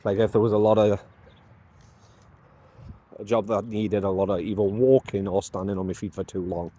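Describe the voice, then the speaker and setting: A man's voice: on the low side, steady tone, normal speed, mellow. A man vlogging outdoors from a handheld phone, rambling, muttering to himself and poking fun at himself. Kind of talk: casual vlog talk to camera. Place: outdoors by mailboxes, walking around.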